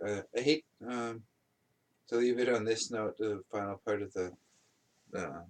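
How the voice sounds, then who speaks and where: A young man hosting a casual solo podcast, rambling with lots of ums and restarts and chuckling at himself. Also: lowish voice. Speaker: podcast host.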